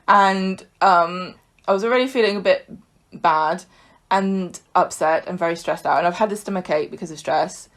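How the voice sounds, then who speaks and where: A woman's voice: lowish voice, animated, normal speed, a bit bright. A woman co-hosting a podcast in casual chat. She tells stories in a chatty way and laughs often. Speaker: podcast co-host.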